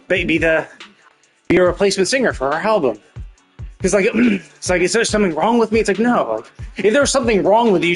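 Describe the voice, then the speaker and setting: A man on a live stream vents about a game's story in a fed-up, cursing rant. His voice sits fairly high, and quiet game music plays underneath. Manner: profane, exasperated ranting. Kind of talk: live gameplay commentary.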